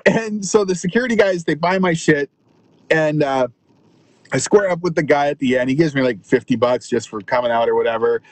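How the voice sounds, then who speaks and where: A man's voice: on the high side, a little fast, poor audio. A man, a touring punk musician, telling profane, laughing stories from his car and acting out other people's lines. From Canada. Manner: profane, laughing anecdotes with voiced quotes. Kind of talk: casual storytelling chat.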